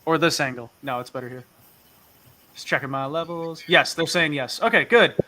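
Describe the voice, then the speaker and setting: Bright-voiced young male host. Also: a little high. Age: 20s. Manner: eager, quick, brief backchannels. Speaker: podcast host. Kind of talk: casual live-stream interview.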